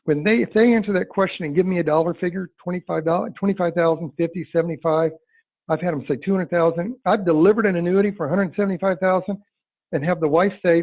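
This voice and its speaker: A man's voice: high voice, quick pace. A man running a sales training webinar, talking in a folksy, emphatic way and acting out client dialogue. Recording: dry tinny phone-like line.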